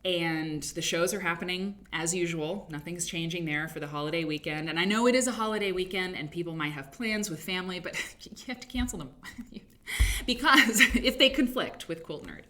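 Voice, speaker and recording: A woman's voice: fairly low pitch, brisk, few pauses, a bit bright. A woman from the American Midwest hosting a casual livestream from a home studio, chatty and rambling, laughing easily. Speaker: host. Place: home studio with green screen.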